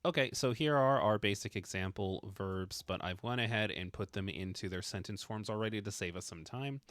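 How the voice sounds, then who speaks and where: A man with a fairly low voice walks learners through a casual video lesson. He explains patiently but playfully, leaning hard on emphatic words. The sound is dry and close, with no room echo. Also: a bit bright. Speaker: Japanese language teacher.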